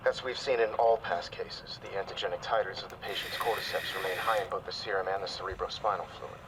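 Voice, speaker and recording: A man's voice: deep voice, fairly even intonation, fast talker, heavy background noise. A man voicing a weary male doctor dictating clinical notes in a recorded game log.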